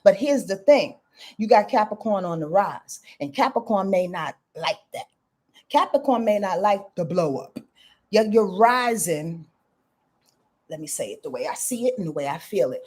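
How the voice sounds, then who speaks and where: A woman astrologer giving lively, slangy live-stream readings, answering viewers by name and swearing freely. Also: mid-range voice, moderate pace, husky. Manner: animated, slangy, swears freely, reads viewer comments aloud.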